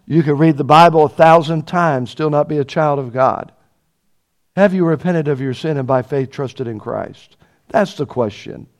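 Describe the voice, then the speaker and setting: Earnest preacher with a higher man's voice. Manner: earnest, preaching with rhetorical questions and builds to loud emphatic peaks. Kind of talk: sermon.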